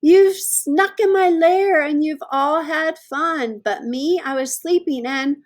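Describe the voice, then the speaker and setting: A big male storybook bear complains in a slow, drawn-out whine, more sulky than fierce. A woman reading to children does the bear. She pitches it above her usual voice rather than deep. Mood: aggrieved.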